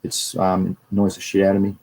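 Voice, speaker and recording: An Australian man hosts a livestream, giving a casual, rambling talk over slides while greeting viewers. His voice is low, monotone, and darkish, he talks fairly quickly, and the recording is rough.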